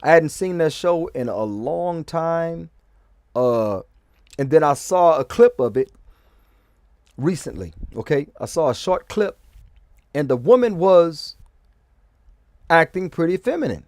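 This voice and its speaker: Male vlogger, loose rambling commentary with restarts; somewhat high voice. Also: animated, measured pace, pauses often, darkish tone, no echo, studio quality. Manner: rambling with restarts, often asking "okay?". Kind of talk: casual commentary.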